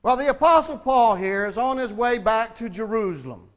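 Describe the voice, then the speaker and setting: Male pastor, sermon, high voice, folksy humorous storytelling, long hall echo. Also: animated, normal speed, a bit bright, lo-fi sound.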